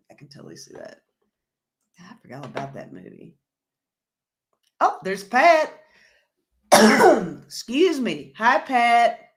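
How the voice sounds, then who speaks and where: A woman's voice: on the high side, sing-song, measured pace, long pauses. A woman hosting a casual livestream, reading viewer comments aloud and laughing along in a chatty way. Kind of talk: casual live-stream chat.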